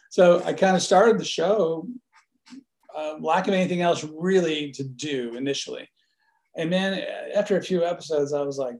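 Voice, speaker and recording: Interview guest, man, relaxed storyteller, fairly high voice, roomy echo. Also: normal speed. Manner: relaxed storytelling, acts out quoted dialogue. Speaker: producer and studio owner, guest. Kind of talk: casual interview chat.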